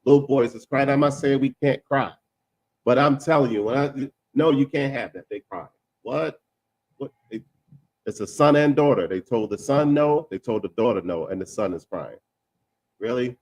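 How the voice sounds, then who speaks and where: A man talking casually in a discussion, emphatic and repeating himself, with quick asides. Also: medium pitch, no room sound.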